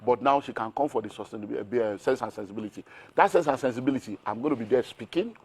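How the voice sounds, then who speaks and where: Fast-talking Nigerian man. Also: medium pitch, husky. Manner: energetic, piles up rhetorical questions. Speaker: business mentor as guest. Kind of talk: animated interview talk.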